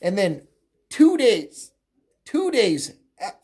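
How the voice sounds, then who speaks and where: Slow-paced and slightly rough yet a little mellow, this medium voice swoops wildly in pitch. It's a political commentary host ranting solo, crude and mocking, with fillers, self-corrections, and frequent laughter at his own jokes.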